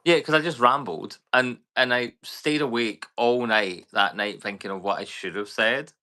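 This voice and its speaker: Scottish man, podcast co-host, bright forceful tone, rambling, casual. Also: medium pitch, moderate pace. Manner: rambling, animated storyteller. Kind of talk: casual chat.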